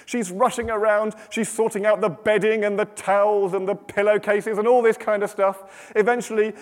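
A British man preaching a sermon, telling a story in a lively way and then dropping to hushed, slow dramatic pauses. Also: high-pitched. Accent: British English. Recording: long hall reverb.

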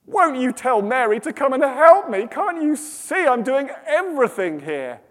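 A man voicing a flustered, exasperated housewife, rising into shrill, panicky outbursts. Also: big pitch swings, measured pace, in a large hall, full character voice. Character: flustered frantic housewife woman hostess.

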